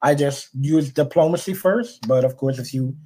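A man's voice: mid-range voice, normal speed, husky. A man from Brooklyn, a podcast guest telling a story in conversation and acting out the people he quotes. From Brooklyn, New York. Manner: animated, acts out the people he quotes.

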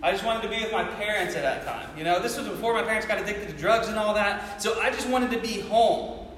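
A man's voice: high voice, quick pace, a bit bright. A man in his thirties from the Cincinnati area tells a personal story to a live audience in a casual, chatty way, often checking in with the crowd. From Ohio, near Cincinnati. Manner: casual, chatty, keeps asking the audience "you know what I mean?". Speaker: speaker addressing an audience. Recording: echoey hall with faint noise.

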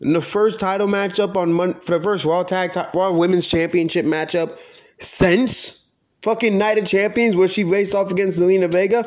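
Young male ranter, somewhat high voice, blunt and profane, heated opinions. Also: steady tone, moderate pace. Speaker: wrestling commentator. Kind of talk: opinionated casual rant.

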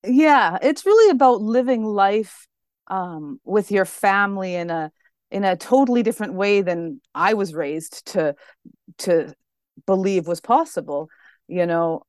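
A woman's voice: mid-range voice, expressive, measured pace, a little mellow, no room sound, clean studio sound. A middle-aged woman, a guest on a podcast, talking in a friendly, earnest way and laughing easily. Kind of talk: podcast interview.

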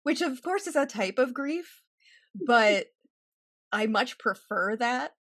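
A woman's voice: fairly high pitch, expressive, takes it slowly, fairly bright tone, no room sound. Candid woman in her forties, dry sound. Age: 40s. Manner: candid, wry, laughs often. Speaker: therapist, guest author. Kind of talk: casual interview chat.

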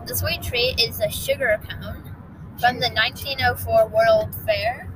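A groggy woman co-hosting a casual family podcast with her son, animated and giggly with lots of ums. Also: fairly high pitch, a little slow, background noise. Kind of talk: casual family chat and storytelling.

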